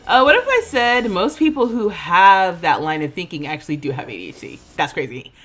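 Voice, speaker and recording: A woman in her thirties streams and chats as she plays, with a sharp, bright tone. Her pitch swings widely and she laughs easily while she thinks out loud. Faint music plays underneath. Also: sing-song, normal speed. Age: 30s. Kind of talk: casual livestream chat while playing.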